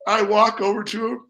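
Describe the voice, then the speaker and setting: Gravelly, bright-voiced storytelling man. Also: high-pitched, low-quality recording. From Minnesota. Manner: animated, rambling, acts out quotes. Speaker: company founder. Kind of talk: storytelling in casual interview.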